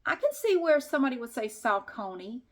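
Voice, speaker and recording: A woman's voice: mid-range voice, lively intonation, normal speed. A middle-aged woman vlogging in a casual, rambling way, frank and chatty, often restarting her sentences and swearing mildly. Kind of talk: casual vlog chat.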